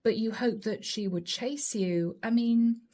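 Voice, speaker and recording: A woman's voice: on the high side, measured pace, mellow. A woman doing a casual tarot reading, chatty and talking straight to the viewer, laughing often. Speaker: tarot reader.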